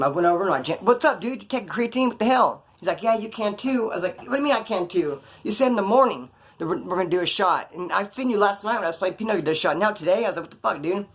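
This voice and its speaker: A man telling prison stories to camera in a casual, profane, animated way, acting out quotes. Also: fairly high pitch.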